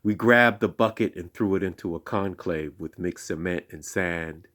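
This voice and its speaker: A man telling a playful story in a slow, hushed, deliberate way, with call-and-response chants. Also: low voice. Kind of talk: spoken children's storytelling.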